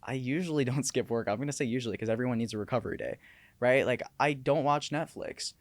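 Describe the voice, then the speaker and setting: A man's voice: mid-range voice, fast talker, no echo. A young man in his twenties, a real estate agent on a podcast, explaining his ideas earnestly with everyday examples. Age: 20s. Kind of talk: casual podcast conversation.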